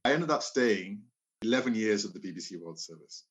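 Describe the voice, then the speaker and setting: A man's voice: on the low side, animated, fairly quick, a bit bright. A man in his fifties from Liberia, telling stories from his life as an interview guest, often acting out quoted dialogue. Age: 50s. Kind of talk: casual storytelling interview.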